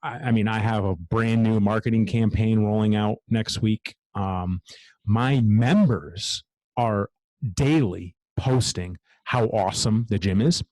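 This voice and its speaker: A man's voice: lowish voice, a little slow, darkish tone, no echo. A man who runs a gym speaks in a casual interview. He talks bluntly, swears freely and pushes ahead with drive. The sound is close and dry. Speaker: gym owner, guest.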